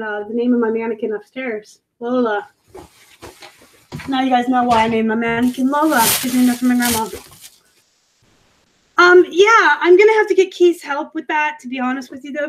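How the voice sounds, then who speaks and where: A fairly high-voiced woman chatting on a live stream from her home workspace. She rambles from one thing to the next, dropping in plenty of fillers and correcting herself as she goes. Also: a bit bright, low-quality recording. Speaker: host of a live reselling show. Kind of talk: casual live-stream chat. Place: home room set up for work.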